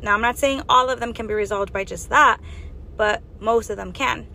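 A woman's voice: fairly high pitch, normal speed, gravelly, pushed and bright, slight background noise. A woman giving an earnest faith and health talk, exhorting her listeners with strings of rhetorical questions. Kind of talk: preaching monologue.

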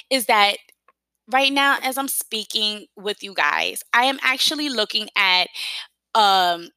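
A woman's voice: mid-range voice, sharp tone, no room sound, poor audio. A woman with a New York accent talking casually and emphatically to her viewers, often repeating herself. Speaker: vlogger. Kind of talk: casual talk to camera.

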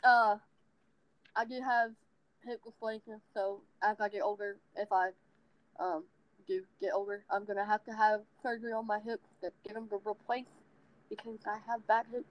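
A woman's voice: medium pitch, little pitch movement, normal speed, highs cut off. A woman from the American South with a Southern accent, chatting casually as a podcast co-host and rambling with frequent asides. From Southern United States. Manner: rambling, self-deprecating, many ums and anyways. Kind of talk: casual chat.

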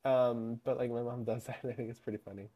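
A young man co-hosting a podcast in easy, casual chat. He talks in a chatty, giggly way and often laughs partway through a sentence. His voice sits in a middle pitch. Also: level tone, fast, mellow. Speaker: podcast co-host.

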